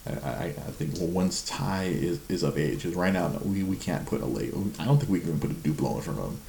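A man's voice: low voice, expressive, quick pace, gravelly, dark tone, roomy sound, a little hiss or hum. A man in his forties chatting casually at home at night, laughing a lot and mocking himself. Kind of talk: casual chat.

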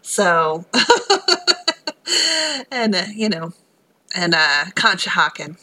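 Slow-talking Philly woman, bright voice. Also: medium pitch, expressive, rough recording. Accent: Philadelphia. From Philadelphia, USA. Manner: chatty, laughs often, many fillers. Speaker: podcast co-host. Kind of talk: casual chat.

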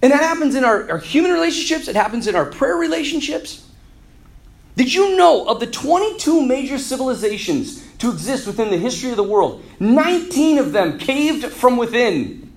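A man giving an energetic, jokey Catholic talk to a group, acting out characters in his stories. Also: very high-pitched, moderate pace. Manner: energetic and jokey, acts out quoted characters, clears throat often. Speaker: Catholic speaker who does marriage counseling. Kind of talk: animated preaching talk to a youth audience.

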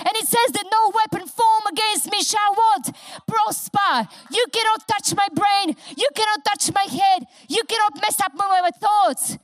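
Middle-aged woman pastor, non-native English accent, high voice, fervent repetitive preaching. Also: animated, normal speed, no echo, studio quality. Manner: impassioned preaching, repeats phrases for emphasis. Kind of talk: sermon.

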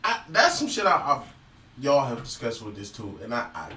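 A man in a casual sports debate, animated and argumentative, swearing freely. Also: mid-range voice, moderate pace, echoey room, distant mic, low-quality recording.

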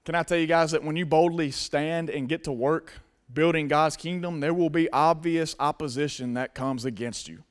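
High-voiced man preaching a sermon. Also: fairly even intonation, moderate pace. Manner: earnest, shifts from hushed to loud emphasis. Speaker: pastor.

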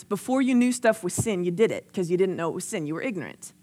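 A woman's voice: lowish voice, expressive, fast, darkish tone. A young adult woman preaching a sermon in a casual, earnest way, sometimes acting out the people she quotes. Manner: conversational and earnest, acts out quoted voices.

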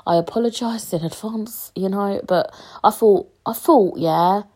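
A woman in her 20s speaks unhurriedly in a medium-pitched, darkish voice as the host of a casual solo podcast. She's sick and upset, rambling with lots of fillers and occasional swearing.

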